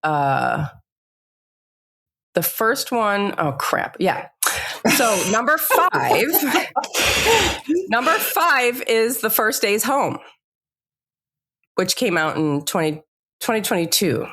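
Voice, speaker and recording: A woman's voice: mid-range voice, big pitch swings, takes it slowly, pauses often, a bit bright. A woman co-hosting a podcast in casual, chatty talk, laughing off her own slips. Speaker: podcast co-host.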